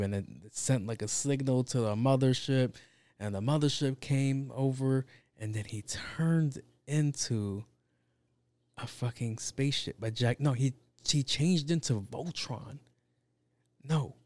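A man's voice: medium pitch, a little mellow, no room sound. A man ranting casually and comically, rambling and swearing, packed with fillers. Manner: rambling, profane, lots of fillers. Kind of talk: casual comedic rant.

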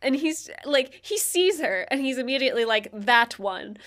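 A woman's voice: sits high, animated, fairly quick, a bit bright. A woman co-hosting a casual movie podcast, laughing often and slipping into jokey impressions. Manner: giggly, playful, slips into jokey impressions. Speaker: podcast co-host. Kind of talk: casual chat reviewing a movie.

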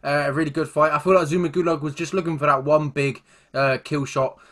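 A man co-hosting a casual fight recap podcast, rambling with lots of fillers and sudden excited bursts. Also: a little high, fairly quick. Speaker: podcast co-host.

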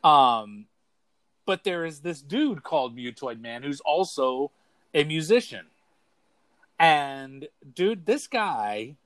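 A man's voice: medium pitch, a bit bright, dry recording. A man co-hosting a casual talk show, rambling and repeating words as he searches for what to say. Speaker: podcast co-host. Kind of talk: casual chat.

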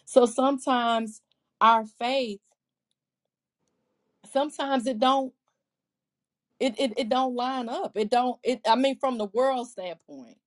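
Slow, earnest woman discussing scripture. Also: on the high side. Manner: earnest, talks in halting restarts, quotes scripture. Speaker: podcast co-host. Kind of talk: casual faith discussion.

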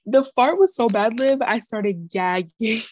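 A woman's voice: fairly high pitch, slow, darkish tone, a little hiss or hum. A young woman co-hosting a podcast, telling a story in casual chat with lots of "like". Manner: chatty storyteller, heavy use of "like", acts out quotes. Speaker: podcast co-host.

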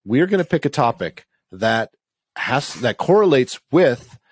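A man's voice: medium pitch, big pitch swings, a little slow, husky, dry recording. A man co-hosting a casual podcast, trading dry, joking banter. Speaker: podcast co-host. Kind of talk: casual chat. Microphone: studio microphone.

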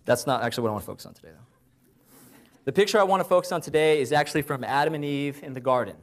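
A man preaching a conversational sermon. He asks his listeners rhetorical questions and slows down when he cites Bible verses. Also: a little high.

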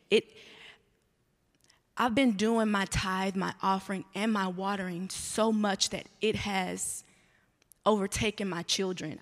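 A woman's voice: mid-range voice, a bit bright, big-room sound. A young woman giving a candid, rambling church testimony. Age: young adult. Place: church sanctuary.

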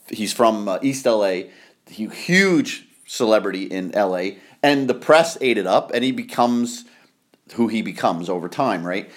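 Middle-aged American host, low-pitched, rambling storyteller who gets excited and laughs easily in casual chat. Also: male voice. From United States. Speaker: podcast host.

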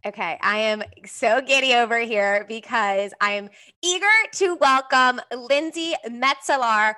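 A young woman in her twenties co-hosting a podcast in casual chat, talking quickly with many "like" fillers. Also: fairly high pitch, pushed and bright. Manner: chatty, frequent "like" fillers. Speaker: podcast co-host.

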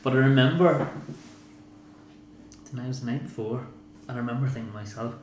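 Northern Irish ex-boxer, rambling talk. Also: male voice, medium pitch, brisk. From Northern Ireland. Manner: rambling, repeats himself, frank and swears. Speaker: former boxer, guest. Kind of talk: casual interview. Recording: echoey room with noise.

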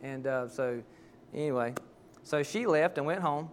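A man's voice: a little high, unhurried, a little hiss or hum. A man, a pastor preaching a sermon and telling heartfelt, folksy stories.

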